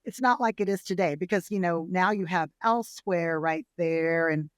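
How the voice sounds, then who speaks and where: A middle-aged woman from San Antonio, Texas, a restaurateur telling her family's history in a relaxed interview, lively and acting out the people she quotes. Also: on the low side, moderate pace, dry recording. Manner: lively storyteller who acts out family quotes. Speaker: restaurateur guest. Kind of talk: casual storytelling interview.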